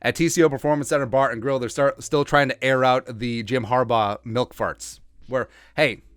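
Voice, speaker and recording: A man hosting a sports podcast, riffing in a joking, rambling way and putting on quick mock voices for the people he talks about. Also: medium pitch, fairly even intonation, fairly bright tone, smooth, no echo. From Asian heritage, Minnesota fan. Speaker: podcast host. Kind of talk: comedic sports commentary.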